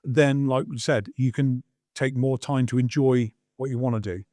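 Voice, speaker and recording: A man's voice: medium pitch, fairly even intonation, moderate pace, warm tone, no room sound. A man chats loosely, wandering through his point and acting out small scenes from daily life. He pokes fun at himself as he goes. The recording is dry and close. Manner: rambling, self-deprecating, acts out little quoted scenes. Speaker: podcast co-host, artist. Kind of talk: casual chat.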